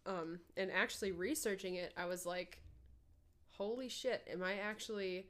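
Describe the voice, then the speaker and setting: A woman's voice: fairly low pitch, fairly even intonation, moderate pace, a bit bright. Woman, young adult, Minnesotan accent, casual podcast chat, rambling, salty, studio mic. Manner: rambling, profane, with many "like" fillers. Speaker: podcast co-host. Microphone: headphones and studio mic.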